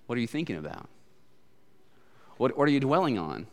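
A man's voice: medium pitch, big pitch swings, a little fast, darkish tone, long reverb tail. A man preaching a sermon as a pastor, hesitant with many fillers at first and then building to emphatic repetition.

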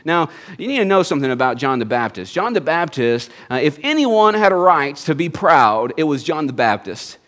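A man's voice: fairly high pitch, big pitch swings, moderate pace, fairly bright tone. A man preaching a sermon to his congregation in a folksy storytelling manner, with jokes and asides. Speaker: pastor.

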